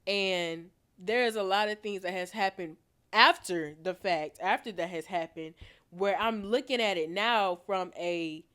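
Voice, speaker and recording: A woman's voice: fairly low pitch, a bit bright, clean tone. Young woman, podcast host, candid personal storytelling, repeats herself for emphasis.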